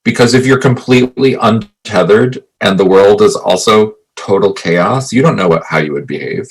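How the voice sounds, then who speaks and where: A man's voice: lowish voice, normal speed, breathy edge. A man co-hosting a podcast, earnestly sharing opinions about a film in casual talk. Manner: earnest, opinionated, restarts mid-thought. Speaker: podcast co-host.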